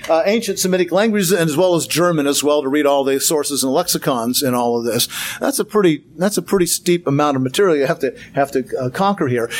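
A man giving an informal Bible lecture, conversational with many fillers and restarts and a dry sense of humor. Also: a little high. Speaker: Bible teacher.

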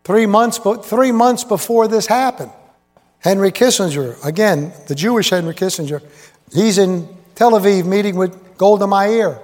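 A man's voice: high voice, normal speed, darkish tone. A man preaching a rambling sermon to a live congregation, folksy and digressive, quizzing the crowd as he goes. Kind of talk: rambling sermon with jokes and asides. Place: large hall with live congregation. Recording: echoey hall reverb.

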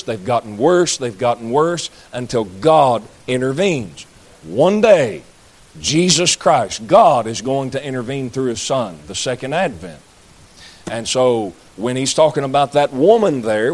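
A man preaching a sermon, folksy, with jokey asides to the congregation. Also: medium pitch. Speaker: pastor.

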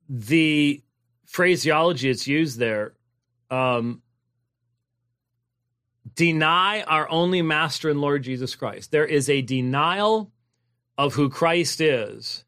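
A pastor with a medium-pitched, fairly bright voice preaches a sermon that expounds a Bible passage. He is emphatic and digressive, using many fillers and restarts and repeating key phrases.

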